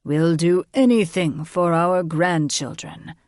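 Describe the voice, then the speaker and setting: A woman voicing a big, protective older male dragon grandfather with a calm, wry manner. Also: on the low side, slow pace, no echo, studio quality.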